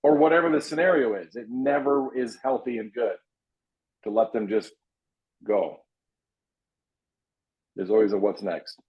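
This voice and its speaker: A man's voice: unhurried, pauses often. A man coaching real estate agents in an earnest, emphatic way, restarting his sentences often and acting out lines of client dialogue. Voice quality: low voice, frequent repeated restarts. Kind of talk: coaching talk. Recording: dull lo-fi audio.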